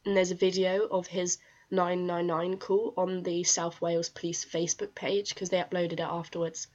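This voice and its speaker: A woman's voice: lowish voice, level tone, moderate pace, a little mellow. A woman co-hosting a podcast, telling a crime case in a casual, chatty way with many fillers and restarts. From England. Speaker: podcast co-host. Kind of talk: casual true-crime chat. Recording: dull lo-fi sound.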